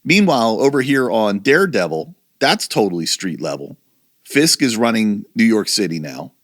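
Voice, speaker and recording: Middle-aged man, lively chatty podcast host. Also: on the low side, moderate pace, dry recording, clean studio sound. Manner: chatty, meandering, self-correcting. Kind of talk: casual chat.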